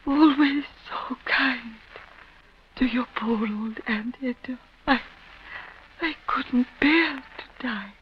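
An actress playing a frail, dying old aunt who speaks faintly and half in a whisper, in an old radio drama. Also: female voice, sits high. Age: older. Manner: faint, partly whispered, pleading. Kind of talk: 1930s radio drama acting. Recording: dull old radio recording with faint hiss.

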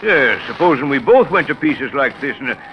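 An old, fatherly lighthouse keeper, played by a man, talks gruffly in a voice that swings widely up and down. The sound is dull and muffled, with faint hiss, like an old radio broadcast. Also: mid-range voice, expressive, a little fast, close to an everyday voice. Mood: soothing. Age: older. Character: aging male lighthouse keeper, fatherly and stern. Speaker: actor in radio drama. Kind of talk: old-time radio drama acting.

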